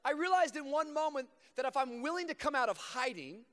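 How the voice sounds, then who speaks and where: A young man preaching a sermon to a live congregation, slipping between fast casual storytelling and slow, emphatic preaching. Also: very high-pitched, animated, pushed and bright. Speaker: pastor. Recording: long reverb of a large hall.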